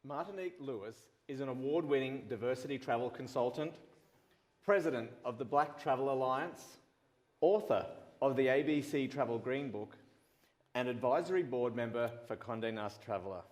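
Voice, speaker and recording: A man reading a formal, measured introduction of the next speaker at a conference. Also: medium pitch, a little mellow. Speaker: event host.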